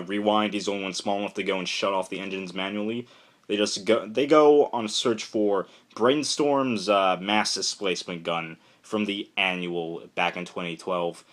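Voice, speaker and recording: Young adult man, slightly low voice, casual comic review, rambling and excitable, heavy on fillers.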